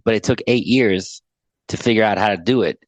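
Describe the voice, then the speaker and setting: A man's voice: fairly low pitch, a little fast, no room sound. Earnest man telling a personal story. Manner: earnest, heartfelt, repeats words as he builds a story. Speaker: podcast guest, anxiety coach.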